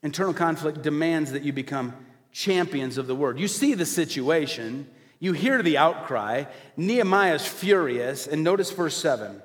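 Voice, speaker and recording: A man preaching a sermon to a congregation, animated and asking the audience rhetorical questions. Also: on the high side, moderate pace, in a large hall. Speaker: pastor. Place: church hall before a congregation.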